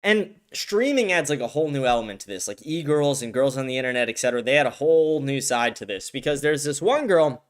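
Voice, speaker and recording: A man's voice: mid-range voice, animated, fast talker, few pauses. A man hosting a live-stream show, ranting bluntly in casual commentary, heavy on profanity.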